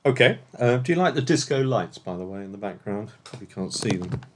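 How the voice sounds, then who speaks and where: A man's voice: lowish voice, expressive, fairly quick, slight background noise. An English man hosting an online quiz night over a video call, reading questions and bantering playfully with players. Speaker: quizmaster.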